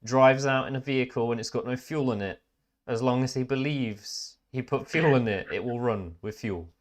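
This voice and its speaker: A man's voice: mid-range voice, moderate pace. A man, a podcast host chatting casually in a rambling, self-correcting way and laughing at his own jokes. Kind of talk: casual chat.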